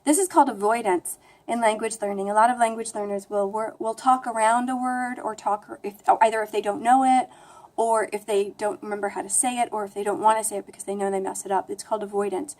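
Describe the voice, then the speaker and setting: A young woman with a flat American accent, chatting casually to camera in a rambling, self-deprecating way. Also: medium pitch, fast talker. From United States. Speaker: language vlogger. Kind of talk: casual talking-to-camera vlog.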